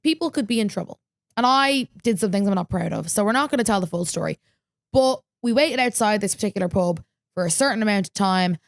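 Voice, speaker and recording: A woman's voice: mid-range voice, no room sound, clean studio sound. A young woman, hosting a podcast and telling a story in a chatty, filler-heavy way. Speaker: podcast host. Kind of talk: casual chat.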